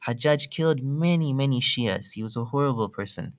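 A man's voice: medium pitch, animated, fairly quick, dry recording. A man teaching a religious studies class, retelling a story and quoting Arabic texts with many restarts and repeated words. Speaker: instructor. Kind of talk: recorded religious studies lecture.

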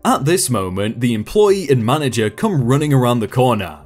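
A man narrating a first-person story with wry humor. His pitch moves a lot, keeping the telling animated. Soft music sits quietly behind his voice. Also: normal speed.

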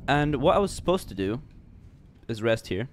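Goofy rambling game streamer. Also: male voice, medium pitch, very animated, moderate pace, a little hiss or hum. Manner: goofy, rambling, self-mocking, stammering restarts. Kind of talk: casual game livestream chat. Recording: jazz music faintly behind.

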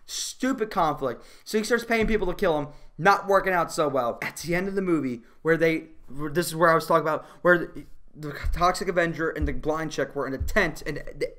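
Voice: medium pitch, a little fast. Profane, exasperated movie-review ranter. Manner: profane, exasperated, laughs often; animated, rising to loud outbursts. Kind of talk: casual ranting movie review.

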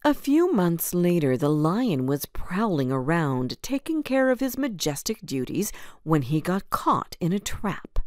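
A woman narrating a children's storybook in a slow, expressive, clear storytelling manner. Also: medium pitch, no room sound, clean studio sound. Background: music.

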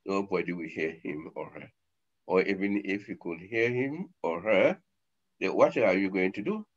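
A man, a sheikh giving a sermon, acting out scenes with sudden loud and soft turns, on a dull lo-fi recording. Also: deep voice, lively intonation, moderate pace. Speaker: sheikh, lecturer.

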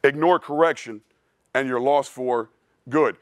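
A man's voice: medium pitch, unhurried, no echo, clean studio sound. A male strength coach giving a blunt, preachy clinic talk in a casual way, often calling listeners "dude". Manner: casual, says "dude" a lot. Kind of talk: clinic presentation.

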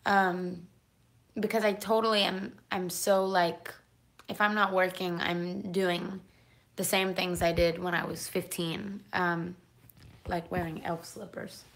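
A young woman chatting excitedly on a live stream, dropping into whispers now and then. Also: fairly low pitch, takes it slowly. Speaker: singer doing a live Q&A stream. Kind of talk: casual live-stream chat.

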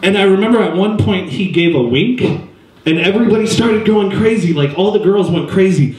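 A man's voice: high voice, lively intonation, normal speed, a little mellow. A man in his twenties doing stand-up comedy in a live venue, rambling and self-deprecating, jumping into voices. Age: 20s. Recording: roomy stage sound.

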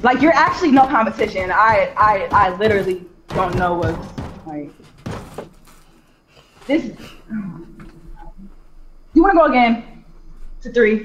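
A man's voice: sits high, sing-song, unhurried, pauses often, a bit bright, slight background noise, poor audio. A man trash-talking a beaten gaming opponent, teasing and gloating. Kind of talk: trash talk over a voice call.

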